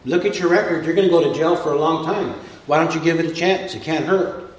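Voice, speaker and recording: A man's voice: on the high side, fast talker, reverberant, recorded from a distance, natural voice, rough recording. A man quoting a frank cocktail waitress. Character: plain-spoken female cocktail waitress.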